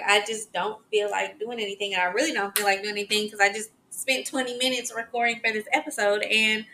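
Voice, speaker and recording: A young adult woman hosting a casual solo podcast, talking in a chatty, expressive way with sighs and laughs. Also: medium pitch. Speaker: podcast host.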